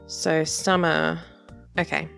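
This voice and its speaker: A woman's voice: low voice, flat delivery, slow pace, gravelly, fairly bright tone, faint music behind. A woman giving chatty commentary on game dialogue, laughing often and adding wry asides. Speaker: video creator.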